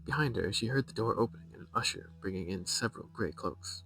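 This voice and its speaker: A man's voice: on the low side, lively intonation, fast, creaky, pushed and bright, recorded from a distance, rough recording. A man streaming a game, reading a book from it aloud and breaking off into amused, rambling asides.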